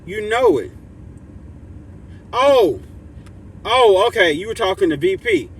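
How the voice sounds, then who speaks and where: A man hosting a motivational livestream, high-pitched and full of swings. He talks slowly with heavy emphasis, calling out to his community and reading their chat. A faint hum of noise sits behind him. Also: sing-song. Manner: hyped, emphatic, shouts to the community, reads chat aloud; drops to soft low voice for heartfelt thanks. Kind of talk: casual livestream talk to chat.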